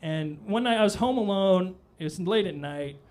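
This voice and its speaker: High-voiced man doing stand-up. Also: lively intonation, moderate pace, a little mellow. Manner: loose, rambling delivery with frequent "all right?" asides. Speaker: stand-up comedian. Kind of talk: stand-up comedy set. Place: comedy club stage, live audience.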